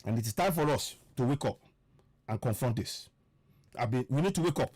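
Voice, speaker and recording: A man's voice: medium pitch, expressive, brisk, a little mellow, no echo. A man giving an impassioned political monologue, fervent and preachy, repeating himself and firing rhetorical questions. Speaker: political commentator.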